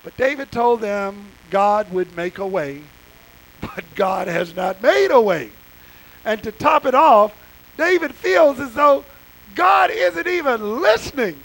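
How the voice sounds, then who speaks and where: A man's voice: very high voice, fairly bright tone, low-quality recording. A man preaching an impassioned sermon, talking to the congregation in a folksy, conversational way. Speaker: pastor.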